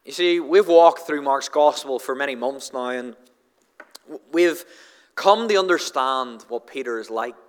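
A man preaching a sermon, stammering and repeating words as he starts sentences, with many filler "uh"s, his voice rising for emphasis and then dropping low and slow. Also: in a large hall. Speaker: pastor.

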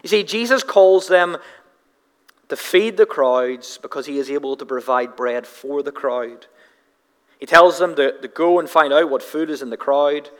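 A man's voice: on the high side, measured pace, a bit bright. A male pastor giving an earnest sermon, often repeating words as he searches for phrasing. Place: church sanctuary. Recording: long church reverb.

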